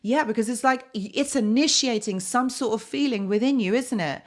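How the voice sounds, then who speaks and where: A woman's voice: on the high side, moderate pace. Chatty woman hosting a live stream. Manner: conversational, many fillers and tag questions. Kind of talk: casual live-stream talk to chat.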